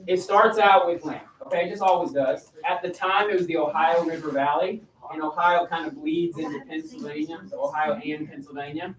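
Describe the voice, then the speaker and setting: A man's voice: fairly high pitch, a little fast, few pauses, fairly bright tone, recorded from a distance. Man teaching a class, heard from across an echoey room. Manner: conversational, asks the class questions. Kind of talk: classroom lecture.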